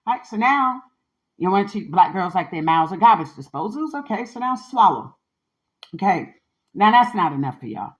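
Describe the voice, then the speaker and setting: A woman with a lowish voice and lively intonation hosts a podcast, talking a little fast on a lo-fi recording. Her candid, casual monologue is emphatic and sassy, full of slang, with "okay?" tagged onto her points.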